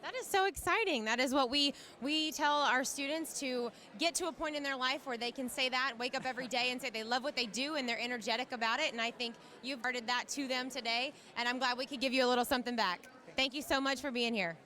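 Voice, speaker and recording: A woman with a high, bright voice asks guests about their day in an upbeat, encouraging way. She talks outdoors at a campus event. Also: quick pace. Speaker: interviewer. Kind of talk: event interview.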